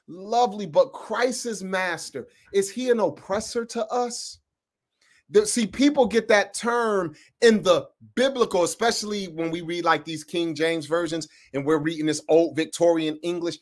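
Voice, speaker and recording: A man from upstate New York teaching the Bible in an informal, emphatic preaching style, full of slang and asides to his listeners. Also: sits high.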